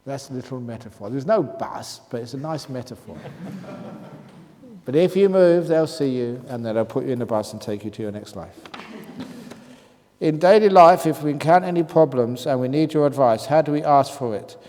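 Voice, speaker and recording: A man's voice: medium pitch, animated, moderate pace, warm tone. A man, a Buddhist monk teacher, answers retreat questions in a humorous talk, reading written questions aloud and chuckling often. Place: retreat meditation hall. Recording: reverberant hall with faint noise.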